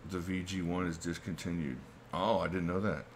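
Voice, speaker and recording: A man's voice: sits low, fairly even intonation, normal speed, a little hiss or hum. A middle-aged man hosting a casual livestream, reading chat comments and laughing often in a chatty, laid-back way. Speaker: livestream host.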